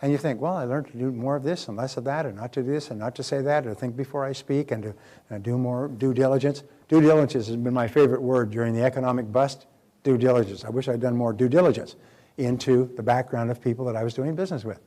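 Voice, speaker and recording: A man's voice: medium pitch, fast talker, mellow. An older man giving a live motivational seminar lecture, speaking emphatically and putting rhetorical questions to the audience.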